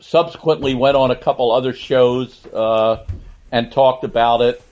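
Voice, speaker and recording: An older man guesting on a podcast interview. He tells long anecdotes in a relaxed, conversational way, often laughing through the punchlines. His pitch sits at an average male level. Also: normal speed, lo-fi sound. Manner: anecdotal, laughs while telling stories. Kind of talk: casual interview storytelling.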